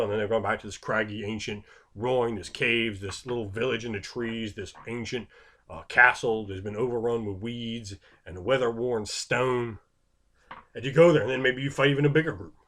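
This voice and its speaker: Animated man giving game master advice. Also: mid-range voice. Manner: animated and conversational, acts out quick voices for players; loose and repetitive, with sound-effect words. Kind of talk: casual unscripted advice monologue.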